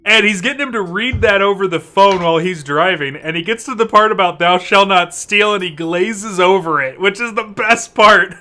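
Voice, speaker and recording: A man's voice: high voice, normal speed, few pauses, bright, forceful tone. A young man chatting casually while gaming, telling a story animatedly, swearing often and laughing mid-sentence. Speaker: co-op gaming channel host.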